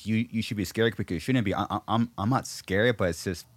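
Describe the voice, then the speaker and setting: A man's voice: on the low side, no room sound. A man chatting as a podcast guest, stumbling and repeating words as he talks. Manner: halting, repeats his words. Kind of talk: casual chat.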